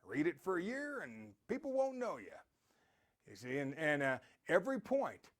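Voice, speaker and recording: A man talks through a motivational podcast in a loose, rambling storyteller's way. His voice sits high and swings widely in pitch. He keeps circling back to his point with plenty of restarts. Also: huge pitch swings, moderate pace. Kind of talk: motivational talk.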